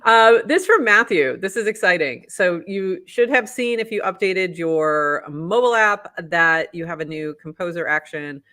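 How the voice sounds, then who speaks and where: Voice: medium pitch, lively intonation, normal speed, few pauses, bright, forceful tone. A podcast co-host with a Boston accent, chatting casually and reading posts aloud in an upbeat, easy manner that breaks into laughter.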